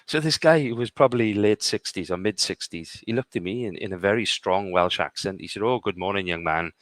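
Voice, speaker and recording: A middle-aged British man with a very low, deep voice tells stories in a conversational way and keeps checking in with his listener. The sound is dry and close, with almost no room around it. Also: a little fast, a bit bright, no echo. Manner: punctuates points with "okay?". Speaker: guest speaker. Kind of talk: conversational storytelling. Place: live online conversation.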